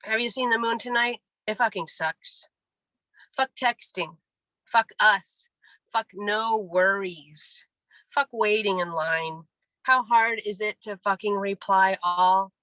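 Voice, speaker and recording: A woman in her forties giving a wry, deadpan poetry reading. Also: medium pitch, slow pace, no room sound, low-quality recording. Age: 40s. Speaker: poet. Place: reading venue.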